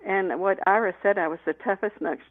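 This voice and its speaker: A woman guest telling lively anecdotes in an interview, laughing often and restarting her sentences. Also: mid-range voice, brisk, no room sound. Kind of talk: storytelling in an interview. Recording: tinny phone line, dry.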